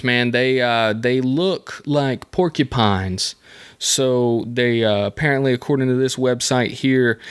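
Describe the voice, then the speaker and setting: Guy doing a solo podcast, slow laid-back talk, goofy asides. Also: medium pitch. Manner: rambling, jokey, self-mocking asides. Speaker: podcast host. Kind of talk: casual solo podcast chat.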